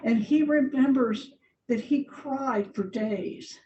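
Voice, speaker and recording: An older woman speaks slowly in a mellow voice, laughing often as she gives a chatty, informal talk about her slides as a guest speaker at church. She's in a large church hall, and the lo-fi recording sounds echoey, with a distant mic and a faint rumble.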